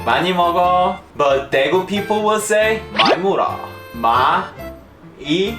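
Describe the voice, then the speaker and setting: A man's voice: sits high, expressive, fairly quick. A young man with a Korean accent, hosting a casual language lesson and often laughing at himself. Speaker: host. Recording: roomy room with music behind.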